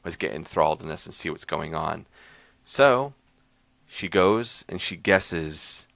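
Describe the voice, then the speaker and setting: A man's voice: deep voice, expressive, unhurried, vocal fry, fairly bright tone, no room sound. A man hosting a podcast, casually recapping a horror short film in a rambling, loose way full of fillers. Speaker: podcast host reviewing horror short films.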